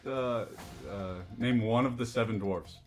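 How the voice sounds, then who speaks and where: A young man hosting a podcast, rattling through quick questions with lots of "uh" fillers and easy laughter. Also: mid-range voice, a little mellow. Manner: laughing easily, many "uh" fillers. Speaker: podcast host. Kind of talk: casual chat, rapid-fire question game.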